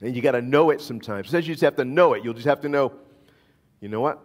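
A man's voice: mid-range voice, rapid-fire, long reverb tail. A man preaching a sermon as pastor, emphatic and repeating his key phrases.

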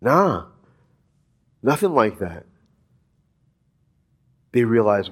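This casual sermon comes from a man with a medium-pitched voice at a moderate pace. He unpacks a Bible passage with many side comments, speaking in an animated, conversational way peppered with "like" and "right?".

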